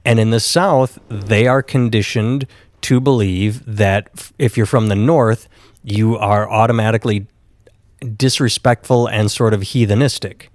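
A man's voice: on the low side, steady tone, measured pace, darkish tone, no room sound. A man in casual conversation, blunt and sardonic, swearing freely. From northern United States. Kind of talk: casual chat.

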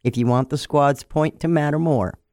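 A man co-hosting a radio morning show, playful and quick in the banter, reading listener texts. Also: fairly high pitch, darkish tone, no echo, clean studio sound. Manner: playful, quick to apologize and laugh. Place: radio studio.

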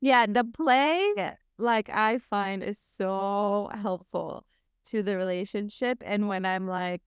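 A woman's voice: mid-range voice, slow pace, clear, resonant tone, dry recording, clean studio sound. A woman hosting a podcast, chatting casually in a playful, giggly way. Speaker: podcast host.

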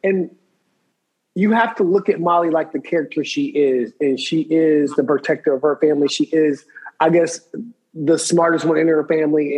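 A man's voice: a little high, a little mellow, slightly rough, rough recording. A man in casual chat, recapping a TV episode in a thoughtful, explaining way.

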